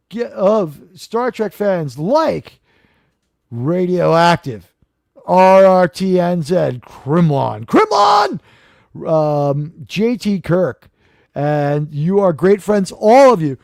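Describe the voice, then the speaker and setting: A high-pitched man holds forth on his live stream, rambling, brash and ready to curse. His voice sits close and dry on the mic, with no room sound around it. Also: a little mellow, no room sound. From New York, USA. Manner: rambling, brash, quick to swear. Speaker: live-stream talk show host. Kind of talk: casual live-stream monologue.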